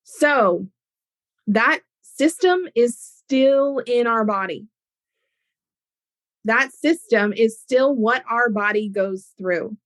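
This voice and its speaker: A woman with a fairly high voice teaches on her podcast, walking listeners through ideas with lively, everyday examples. The sound is close and dry, with no room around her. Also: slow pace, long pauses, dry recording. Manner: animated, explains with everyday examples. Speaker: podcast host and educator.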